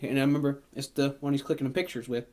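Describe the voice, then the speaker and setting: A man's voice: medium pitch, level tone, racing, darkish tone. A man co-hosting a casual podcast, retelling a movie plot and acting out scenes in goofy voices. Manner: rambling, acts out movie scenes in silly put-on voices. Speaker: podcast co-host. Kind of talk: casual movie recap chat.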